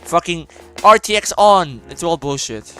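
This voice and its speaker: A man's voice: fairly high pitch, expressive, unhurried, fairly bright tone, soft background music. Man losing his voice, profane ranting. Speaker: streamer host. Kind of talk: casual gaming stream chat.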